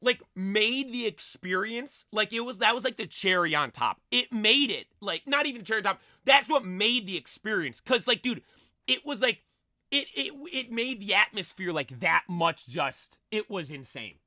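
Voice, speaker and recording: An excitable young man rambling through a casual stream chat, piling up fillers and restarting sentences mid-thought. His voice sits high and sounds bright and forceful, and the recording is dry with no room sound. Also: moderate pace, no echo. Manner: excitable, rambling, full of "like" and "dude", many restarts.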